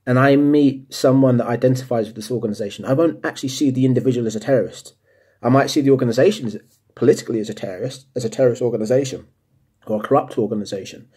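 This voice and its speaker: A man from the United States speaks casually, stopping and restarting his sentences with frequent ums. His voice is dark and mellow with a husky edge, pitched in an ordinary middle range. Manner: hesitant, many ums and restarts. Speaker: vlogger. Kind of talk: casual monologue to camera. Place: England.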